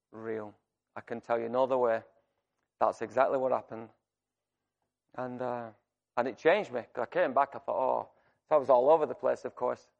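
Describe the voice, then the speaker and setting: A man preaching a sermon, telling a personal story in a conversational, animated way with many restarts. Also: medium pitch, creaky, muffled recording. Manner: shouts to act out screaming.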